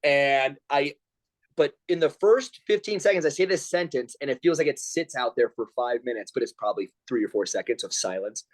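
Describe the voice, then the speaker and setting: A man's voice: mid-range voice, fairly quick. A man in his forties telling stories as a guest over a video call, acting out other people's lines in raised voices. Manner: animated storyteller acting out quotes in raised voices. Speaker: pro wrestler and comedian guest.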